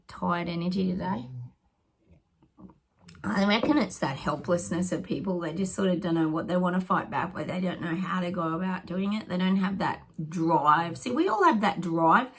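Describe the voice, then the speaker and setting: A woman's voice: lowish voice, creaky. A middle-aged woman psychic giving rambling predictions to her viewers, thinking aloud and often dropping into whispered asides.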